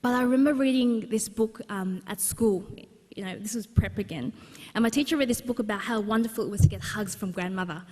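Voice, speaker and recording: A woman's voice: mid-range voice, brisk, hardly any pauses, a little mellow. Woman telling stories in a hall. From Australia. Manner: humorous, anecdotal, frequent fillers. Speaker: speaker at a book launch. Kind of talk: personal storytelling talk. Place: large exhibition hall, live audience. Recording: long hall reverb.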